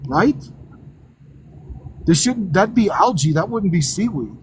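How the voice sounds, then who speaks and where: A man's voice: sits high, big pitch swings, slow pace, darkish tone, slight background noise. A man hosting a casual chat, joking crudely and interrupting a story with questions. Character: undead entertainer persona. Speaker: host. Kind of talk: casual live-stream chat.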